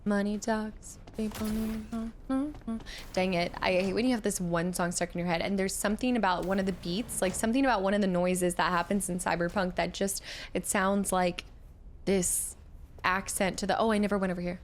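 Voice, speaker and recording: A woman streamer chatting through a game, thanking viewers and reacting loudly to the action. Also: medium pitch, steady tone, brisk, a little hiss or hum. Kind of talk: live gameplay commentary.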